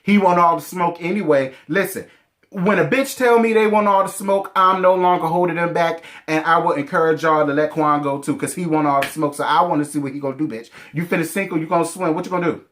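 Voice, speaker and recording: A man in his thirties with a sassy, animated manner and heavy slang, reviewing a reality show in casual chat. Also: on the high side, fast talker.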